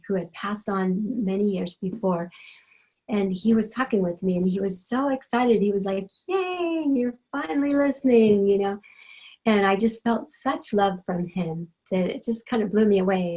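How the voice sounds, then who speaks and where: A middle-aged woman, an animal communicator, telling her own story in a gentle, chatty way, full of ums and you-knows. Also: mid-range voice, low-quality recording. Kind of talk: personal storytelling talk.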